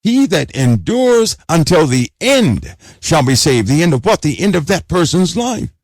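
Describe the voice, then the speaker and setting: A man's voice: on the high side, very animated, unhurried, dry recording, studio quality. A man preaching an urgent sermon, exhorting listeners and repeating phrases for emphasis.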